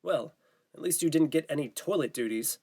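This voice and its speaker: A man's voice: a little high, normal speed, mellow, breathy edge. A man voicing a cocky teenage boy at camp who sneers and teases the others. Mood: mocking. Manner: sneering, teasing.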